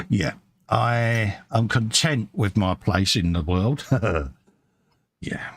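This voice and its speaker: A middle-aged British man speaks slowly in a lowish, expressive voice with no room sound. As co-host of a live modelling stream, he works on a model kit, reads out chat and casually teases himself.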